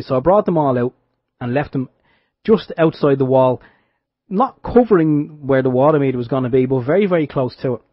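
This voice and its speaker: A man's voice: mid-range voice, brisk, no echo. An Irish man co-hosting a radio show, telling a wry story in casual chat with frequent restarts. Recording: dull dry radio sound.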